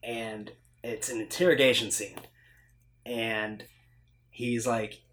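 A man's voice: mid-range voice, slow pace, a little hiss or hum. A man co-hosting a casual chat, retelling a movie scene in a loose, rambling way with lots of fillers. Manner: rambling, animated retelling with acted-out quotes. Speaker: podcast co-host.

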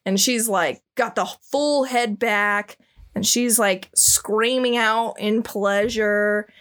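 A woman's voice: a little high, fairly even intonation, slow, a bit bright. A woman podcast host chatting casually through a comic, giggly and full of fillers. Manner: giggly, lots of "like". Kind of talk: casual chat describing a comic.

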